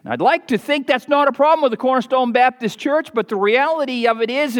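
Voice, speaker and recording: A man preaching a sermon as the pastor of his church, fervent and emphatic, shifting between loud stressed points and quiet asides. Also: very high voice. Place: church sanctuary with balcony. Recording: long church reverb.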